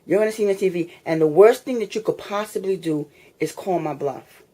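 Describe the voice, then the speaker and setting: A woman with a fairly low, mellow voice speaks briskly. Angry and fed up, this tenant records a complaint video in her apartment, ranting to her phone camera, swearing, confrontational and going over the same points again and again.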